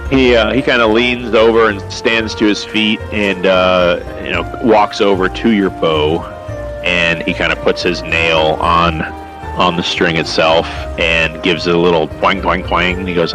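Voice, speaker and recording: A man narrating as game master of a tabletop game, talking in a halting way with many fillers and restarts. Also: deep voice, steady tone, over music, rough recording.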